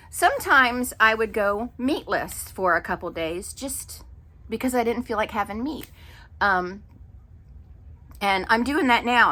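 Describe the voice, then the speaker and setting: A middle-aged woman telling a story in an exasperated, animated casual rant with many fillers. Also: mid-range voice. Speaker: vlogger. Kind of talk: casual ranting monologue.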